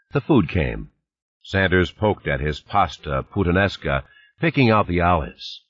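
A man narrating an audiobook in a measured, expressive reading, recorded on a dull lo-fi cassette. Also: sits low, breathy edge, dry recording. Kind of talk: scripted narration.

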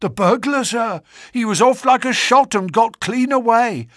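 A man's voice: very high voice, unhurried, no echo, clean studio sound, voice pushed up. A man voicing a frightened male servant who gasps out his news with clipped deference. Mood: alarmed. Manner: gasping, clipped, ends lines with "sir".

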